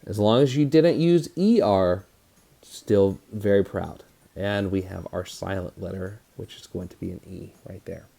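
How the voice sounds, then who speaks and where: Slow, gravelly-voiced man teaching spelling. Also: deep voice, dark tone. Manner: slow, patient, over-enunciating and encouraging. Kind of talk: phonics lesson for children.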